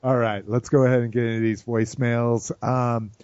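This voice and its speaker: A man's voice: mid-range voice, flat delivery, moderate pace, a little mellow, no echo, highs cut off. A man hosting a toy podcast in casual chat, rambling and self-mocking with many fillers. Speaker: podcast host.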